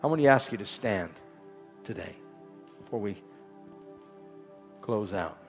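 Man preaching in a big echoey hall, soft music underneath, repeats lines over and over. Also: fairly low pitch, lively intonation, measured pace. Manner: rhythmic repetition, rising to exhortation then dropping soft. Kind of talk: sermon. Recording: long hall reverb with faint music.

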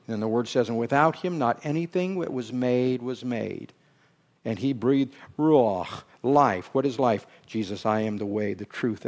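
A middle-aged man preaching a sermon, dropping to hushed, drawn-out phrases and then climbing into loud, emphatic bursts. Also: mid-range voice, creaky. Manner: slow, drawn-out words for emphasis.

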